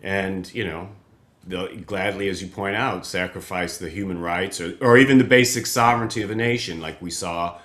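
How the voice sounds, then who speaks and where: A man hosting a podcast, with a fairly low voice. He talks in loose, rambling runs full of restarts, chuckling as he goes. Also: fairly even intonation, moderate pace, fairly bright tone. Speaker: podcast host. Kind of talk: casual interview talk.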